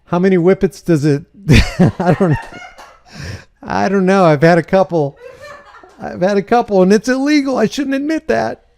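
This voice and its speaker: A man hosting a casual commentary video, sarcastic and quick to laugh. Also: sits high, vocal fry, darkish tone. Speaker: host.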